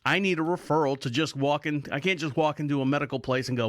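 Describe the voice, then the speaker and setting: A middle-aged man on a podcast, telling a story with lively animation and slipping into other people's voices as he goes. His voice is bright and forward-leaning. The sound is close and dry. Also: on the high side, quick pace, dry recording. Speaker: podcast host. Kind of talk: casual storytelling monologue.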